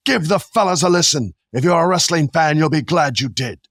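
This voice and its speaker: A man's voice: lively intonation, brisk, fairly bright tone, no room sound, clean studio sound. A man putting on a hammy Viking voice to read a listener review aloud. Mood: hammy cheerful. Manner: high, booming, hammy delivery. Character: jolly male Viking reading a fan review aloud.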